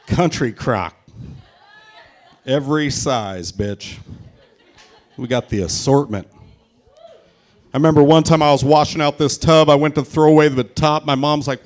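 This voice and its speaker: A man's voice: a little high, a little slow, long pauses. A young man doing a stand-up set in a brewery, brash and profane, working the crowd with punchy jokes. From Pacific Northwest, USA. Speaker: stand-up comedian. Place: brewery, live audience.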